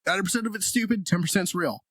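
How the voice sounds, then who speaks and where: A man co-hosting a comedy podcast, talking in a slightly high voice. He rambles, swears freely and laughs at his own jokes. The sound is dry and close to the mic. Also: racing, no room sound. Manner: rambling, profane, laughs often. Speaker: podcast co-host. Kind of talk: casual comedic podcast chat.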